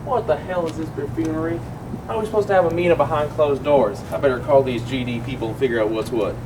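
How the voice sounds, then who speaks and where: A man's voice: on the high side, fast, close to an everyday voice. A man playing a blustering oil boss. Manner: folksy, boastful, easily flustered. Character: blustering small-time male oil boss, self-important. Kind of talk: mockumentary comedy. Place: cramped old camper. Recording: distant mic, noisy background.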